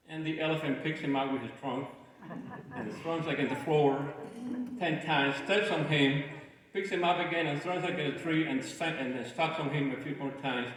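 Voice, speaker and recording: Halting, joking man deacon preaching in a church. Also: mid-range voice, a bit bright, a little hiss or hum. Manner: halting, with restarts and light jokes. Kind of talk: sermon. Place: large church. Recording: echoey church hall from far off.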